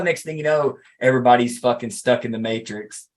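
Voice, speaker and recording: A man co-hosts a podcast in a loose, rambling way, swearing freely and leaning on fillers. His voice sits at an ordinary middle pitch. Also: lively intonation, fast talker, hardly any pauses. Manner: rambling, profane, filler-heavy. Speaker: podcast co-host. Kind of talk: casual podcast chat.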